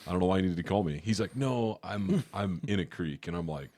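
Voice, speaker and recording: A man in casual chat, telling an animated, profane story and acting out the quoted dialogue. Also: low voice, fairly quick.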